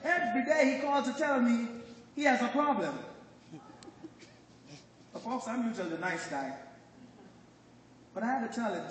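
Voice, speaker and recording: A business presenter with a Jamaican accent gives a motivational speech to a live crowd, joking, telling animated stories and quizzing his audience. His voice is extremely high-pitched, at normal speed, with frequent pauses. A phone far off in the audience captures him in an echoey hall with faint noise.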